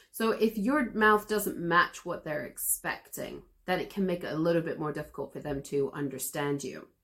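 A woman teaching pronunciation in a podcast lesson, calm and encouraging in a conversational way. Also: on the low side. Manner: calm, encouraging, explains at an even conversational pace. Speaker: English teacher.

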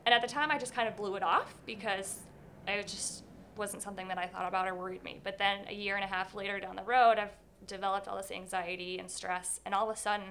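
A woman's voice: medium pitch, steady tone, fast, a bit bright, slight background noise. A young woman telling a personal story in an interview, candid and rambling, full of fillers.

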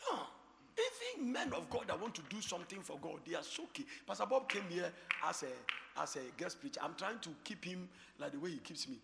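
A man preaching a sermon, moving from hushed storytelling to shouted exhortation and laughing often. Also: high-pitched, very animated, brisk, creaky, big-room sound, noisy background. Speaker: pastor.

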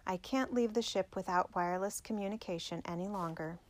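A woman's voice: medium pitch, brisk, dry recording, lightly acted. A woman reading the lines of a determined young male radio operator in an earnest, firm way.

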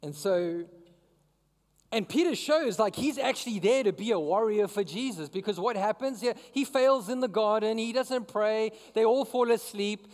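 A man's voice: high-pitched, normal speed, a little mellow, big-room sound. A man preaching a sermon as pastor, talking conversationally and throwing questions to the congregation. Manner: conversational, asks the crowd questions.

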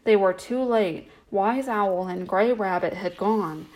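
Storyteller: a woman with a gentle, even bedtime reading voice. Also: medium pitch, takes it slowly, poor audio.

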